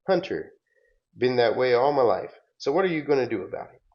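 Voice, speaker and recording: A man reading aloud as a smooth, charming gentleman with a suave, teasing manner, on a dull lo-fi recording. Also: medium pitch, sing-song, fairly quick, pitched above the performer's own voice, lightly acted.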